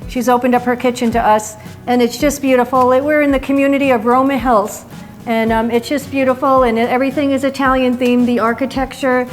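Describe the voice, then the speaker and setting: A woman from New York, a chef hosting a cooking segment in a home kitchen, telling a story in a chatty, animated way. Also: sits high, fairly quick, faint music behind. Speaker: chef and cooking show host. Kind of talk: casual storytelling chat.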